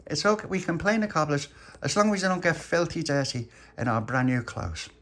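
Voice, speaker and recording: A man's voice: on the high side, brisk, a bit bright, voice pushed up, natural voice. A man voicing a prim, proud little girl who speaks firmly and emphatically.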